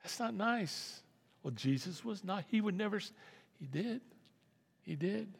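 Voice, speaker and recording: A man's voice: high-pitched, animated, moderate pace, creaky, darkish tone, breathy edge. A man preaching a sermon as pastor, talking in a conversational way that repeats and restarts phrases. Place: church sanctuary. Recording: long reverb of a hall.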